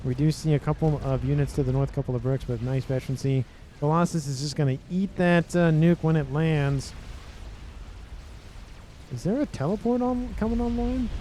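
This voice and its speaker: Male game caster, slightly high voice, mellow and easygoing, joking and rambling through the play-by-play. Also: a little hiss or hum. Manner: chatty and joking, often laughing and repeating himself. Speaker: game commentator. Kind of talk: casual commentary on a strategy game match.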